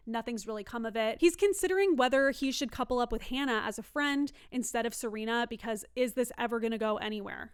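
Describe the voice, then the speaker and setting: Young woman, casual recap, opinionated, laughs a lot, smooth clear voice. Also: a little high. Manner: chatty and opinionated, laughs often. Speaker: TV recap reviewer.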